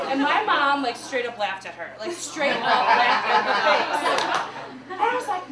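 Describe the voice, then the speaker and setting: Lively Midwestern woman doing stand-up. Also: unhurried, heavy background noise. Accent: Midwestern American. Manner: animated, laughing, high squeals on punchlines. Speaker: stand-up comedian. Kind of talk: stand-up comedy set. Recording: echoey room with mic far off.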